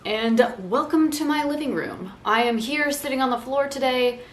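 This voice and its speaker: A woman's voice: sits high, moderate pace. A young woman vlogger sitting on her living room floor, chatting in a rambling, self-mocking way as she goes through her decorations. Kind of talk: casual chat. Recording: echoey room with faint ambience.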